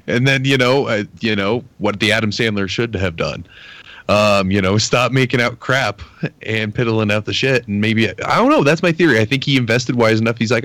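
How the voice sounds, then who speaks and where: A man co-hosting a casual podcast chat, rambling hesitantly with many pauses. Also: lowish voice, a bit bright, no echo. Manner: rambling, hesitant, lots of fillers. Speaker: podcast co-host.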